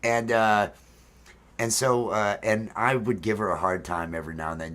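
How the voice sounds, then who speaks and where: Low-voiced man in a rambling chat. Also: steady tone, normal speed, fairly bright tone. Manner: rambling, with many fillers and restarts. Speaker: host. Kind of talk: casual chat on a livestream.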